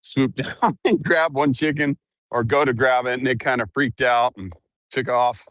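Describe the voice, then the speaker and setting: Man, casual vlog chatter, earbud mic, outdoors, dry close sound, middle pitch. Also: steady tone, moderate pace, a bit bright, no room sound. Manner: chatty, laughs often, talks to his dogs in a high coaxing voice. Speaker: vlogger on his ranch. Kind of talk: casual walk-around vlog. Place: outdoors on a ranch.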